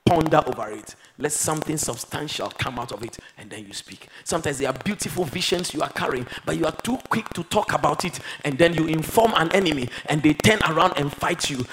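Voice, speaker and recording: A man preaching a sermon, moving between quiet, reflective passages and loud, emphatic exhortation. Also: fairly high pitch, a little fast, few pauses, slight background noise, low-quality recording. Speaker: pastor.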